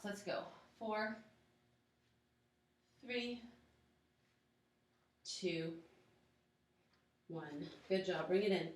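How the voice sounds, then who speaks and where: A woman leading a yoga class, encouraging her students with steady step-by-step cues and countdowns. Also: medium pitch. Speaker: yoga instructor. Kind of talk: guided workout instruction. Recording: very echoey room, voice from far off.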